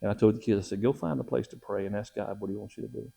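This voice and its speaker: A middle-aged man casually telling his testimony as a missionary, animated and acting out the quotes in his story. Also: rapid-fire, vocal fry, husky. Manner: animated, acts out quotes with raised pitch.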